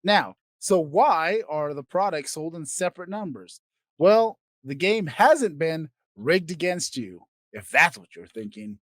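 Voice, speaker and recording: A man hosting a comedy podcast, ranting crudely and swinging between loud outbursts and quiet asides. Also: fairly high pitch, expressive, measured pace, dry recording. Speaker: podcast host. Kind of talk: comedic rant.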